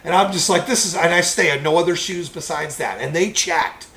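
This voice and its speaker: A man who is a preacher, telling a personal testimony story in a rambling, animated way. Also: fairly high pitch, fairly quick, gravelly, rough recording.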